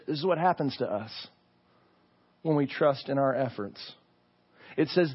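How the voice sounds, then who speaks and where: Husky-voiced pastor preaching an animated sermon. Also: male voice, medium pitch, muffled recording. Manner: animated storytelling, mimicking voices, rhetorical questions.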